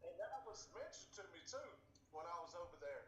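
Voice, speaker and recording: A man's voice: fairly high pitch, expressive, fairly quick, a bit bright. Laid-back American man on an echoey call. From United States. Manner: laid-back, plain-spoken, short replies. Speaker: volunteer soldier guest. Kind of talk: casual call-in chat. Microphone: remote voice call. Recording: echoey remote call with faint noise.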